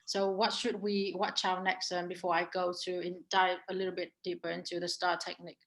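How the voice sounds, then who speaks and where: A woman's voice: on the low side, flat delivery, a bit bright, low-quality recording. A woman co-presenting an online webinar over a video call, telling her own interview stories in an earnest way, with many restarts and fillers. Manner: halting, frequent restarts and fillers; earnest storytelling about past interviews. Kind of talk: casual online webinar talk.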